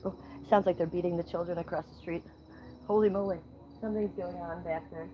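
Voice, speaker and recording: A woman's voice: lowish voice, fairly even intonation, fairly quick, dull audio, slight background noise. A woman from Ohio hosting a casual livestream, reading chat comments outdoors at night, blunt and playfully profane. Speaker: livestream host.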